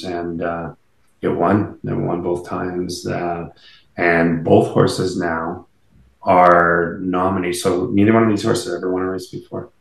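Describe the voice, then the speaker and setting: A Canadian man, a medium appearing as an interview guest, tells stories casually and ramblingly, full of fillers and restarts. His voice is low and creaky, and the low-quality recording has an echoey room sound.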